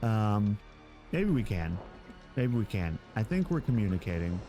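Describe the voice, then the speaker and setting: A man's voice: fairly low pitch, unhurried, over music. A man streaming a game live, commenting as he plays, often yelping and exclaiming in surprise. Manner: excitable, yelps and exclaims often.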